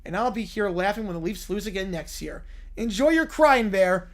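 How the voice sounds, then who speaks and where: A man's voice: sits high, expressive, normal speed. A text-to-speech voice playing a gloating bald boy who taunts a sore loser. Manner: taunting, smug. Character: gloating bald boy bully, rival fan.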